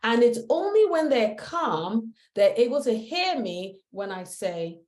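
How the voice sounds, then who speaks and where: Calm instructive woman, echoey room. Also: a little high, measured pace. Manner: calm, instructive, acts out what a parent says. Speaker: parenting speaker. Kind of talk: advice talk.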